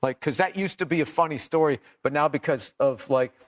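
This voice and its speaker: A middle-aged comedian telling profane, animated stories in a casual podcast chat, often laughing at his own jokes. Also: fairly high pitch, brisk. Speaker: comedian guest.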